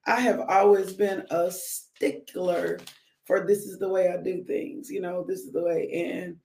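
A woman's voice: lowish voice, level tone, measured pace, creaky, a little mellow, roomy sound. A woman hosting a live-streamed morning devotional. She preaches conversationally, speaks straight to her viewers, and breaks into whoops and laughter. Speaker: devotional host.

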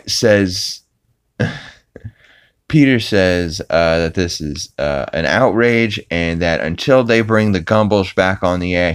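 A man with a very low voice hosts a podcast and rambles through an episode recap. He stacks up fillers and chuckles as he goes. The sound is dry and close, with no room around it. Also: clear, resonant tone, no echo. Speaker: podcast host.

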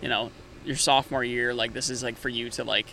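Young guy guesting at a backyard chat, bright edgy voice, laid-back and halting, faint traffic behind. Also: medium pitch, little pitch movement, vocal fry, rough recording. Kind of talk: casual chat. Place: outdoors in a backyard.

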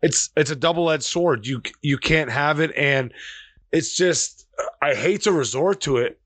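Ranting, profane sports podcast host. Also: male voice, on the high side, a little slow, fairly bright tone. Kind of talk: casual sports podcast chat.

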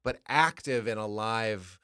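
A comedian in an interview, thinking aloud, swearing casually, and jumping into loud high voices when he quotes people. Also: measured pace, clear, resonant tone, no echo, studio quality. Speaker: comedian guest. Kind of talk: candid interview conversation.

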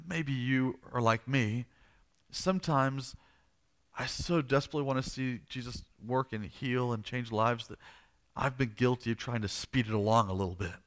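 A man's voice: mid-range voice, moderate pace, fairly bright tone. A male pastor preaching a sermon, retelling a story dramatically and repeating phrases for emphasis.

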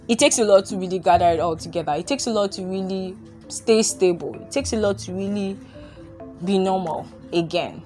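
A woman's voice: mid-range voice, fairly quick, a little mellow. A young woman hosts a casual faith podcast in an open, confessional way. She laughs easily and circles back to the same phrases. Faint music sits beneath her voice. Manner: candid, laughs often, repeats phrases. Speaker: podcast host.

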